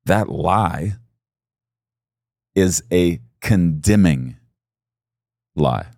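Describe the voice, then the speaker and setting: A man's voice: low voice, animated, unhurried, long pauses, a little mellow, no echo, clean studio sound. A middle-aged male pastor preaching a sermon in an earnest, intimate way that swells to emphatic peaks.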